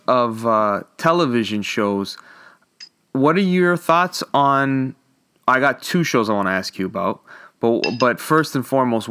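A man's voice: medium pitch, fairly bright tone, smooth. A man co-hosting a podcast over a remote call, chatting casually and rambling with many restarts. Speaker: podcast co-host. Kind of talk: casual chat.

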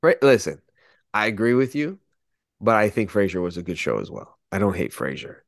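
A man with a low voice co-hosts a casual podcast, easygoing and quick to laugh. He keeps prodding his partner with questions. His voice sounds dry and close, with little room sound. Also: sing-song, vocal fry, no echo. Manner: easygoing, asks probing questions, laughs often. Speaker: podcast co-host. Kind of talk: casual chat.

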